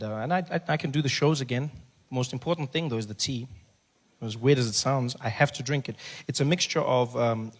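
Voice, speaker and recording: Animated South African stand-up comedian. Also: male voice, medium pitch. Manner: animated, chatty crowd work. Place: stage before a live audience.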